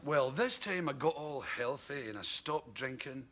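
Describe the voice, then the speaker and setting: Lively Scottish man telling stories. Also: mid-range voice, unhurried. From Scotland. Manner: animated storytelling, laughing through punchlines. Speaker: comedian guest. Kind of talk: talk-show anecdotes. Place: TV studio with audience.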